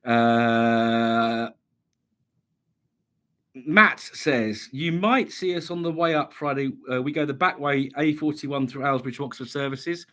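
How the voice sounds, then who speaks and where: A man's voice: medium pitch, measured pace, bright, forceful tone. A man from England hosting a casual livestream, reading chat messages aloud and chatting back with many ums and restarts, a slight cough lingering. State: slight cough, recovering from illness.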